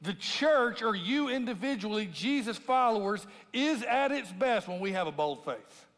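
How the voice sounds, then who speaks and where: Long reverb from a large hall surrounds this recording of a lead pastor preaching to his congregation in a church auditorium. Speaking at a moderate pace in a high, animated, fairly bright voice, he keeps the sermon conversational, asks "right?" often, and acts out scripture in a raised voice.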